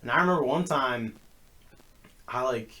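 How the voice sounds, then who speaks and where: A man's voice: medium pitch, normal speed, sharp tone. A man in his twenties co-hosting a podcast, chatting casually and telling rambling, laid-back stories. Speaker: podcast co-host. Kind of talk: casual chat.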